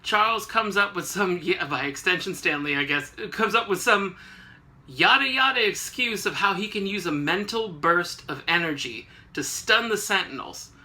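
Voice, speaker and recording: Joking man recapping comics, sharp bright voice. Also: high-pitched, animated, moderate pace. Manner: rambling, joking, many fillers. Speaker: host. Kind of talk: casual comic book recap.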